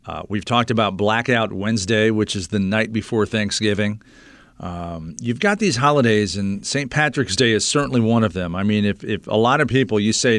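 A man's voice: lowish voice, no room sound, studio quality. A man hosting a public affairs radio show, chatting casually with many fillers.

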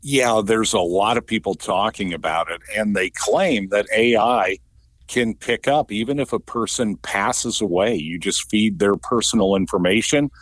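A man co-hosting a talk radio show, with a fairly low voice. He chimes in agreeably and backs up his partner. His voice is close and dry in a studio. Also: moderate pace, fairly bright tone, no room sound. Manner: agreeable, short affirming replies. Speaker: radio co-host. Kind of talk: casual radio talk segment.

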